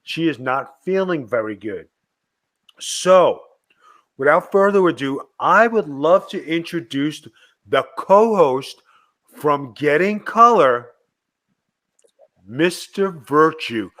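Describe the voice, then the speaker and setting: A man hosting a casual chat show, loud and excitable, joking with his co-host. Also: on the high side, takes it slowly, pauses often.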